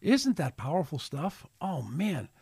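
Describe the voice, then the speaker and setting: A man's voice: a little high, huge pitch swings, unhurried, vocal fry, a little mellow, breathy edge, dry recording, studio quality. A man hosting a casual solo podcast, rambling and preachy, with many restarts and fillers. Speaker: podcast host.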